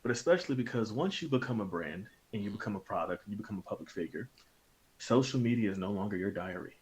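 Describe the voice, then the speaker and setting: A man's voice: on the low side, expressive, fast talker, a little mellow, slight background noise. A man co-hosting a wrestling podcast, making emphatic points and repeating them for stress. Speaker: podcast co-host. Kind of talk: casual chat.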